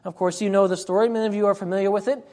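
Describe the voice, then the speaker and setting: A woman's voice: medium pitch, fairly even intonation, racing, darkish tone. A woman preacher delivering a sermon, emphatic, repeating her points and often urging "listen".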